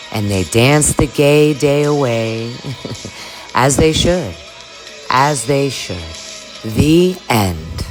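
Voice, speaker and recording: A woman hosting a comedic reaction video, joking playfully as she narrates. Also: sits low. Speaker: host.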